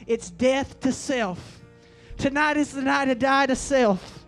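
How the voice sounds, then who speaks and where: A man preaching a fiery revival sermon, swinging between loud bursts and slow, emphatic lines. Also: extremely high pitch, soft background music.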